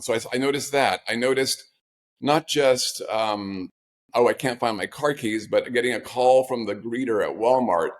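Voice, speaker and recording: Guesting as an author in an interview, a man with a mid-range voice shares personal stories. His manner is conversational and reflective, broken by moments of wry humor.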